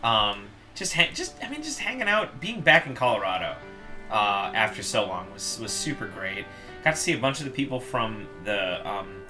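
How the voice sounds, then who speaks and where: Man, podcast co-host, animated storyteller, lively pitch, bright voice, casual chat. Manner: animated storyteller, mimics singing in falsetto. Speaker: podcast co-host, band member.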